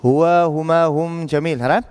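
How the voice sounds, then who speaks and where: High-voiced male teacher in an echoey hall. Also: fairly even intonation, moderate pace, darkish tone, clean tone. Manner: informal, checks understanding often with "right?". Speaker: Quran recitation teacher. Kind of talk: classroom teaching. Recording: echoey classroom audio.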